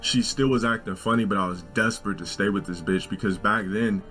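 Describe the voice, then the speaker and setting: A man in his forties telling a long personal story in a casual, profane, animated way, with faint music. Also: fairly quick. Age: 40s. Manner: animated, profane, jumps into shrill quoted voices. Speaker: storyteller in a video.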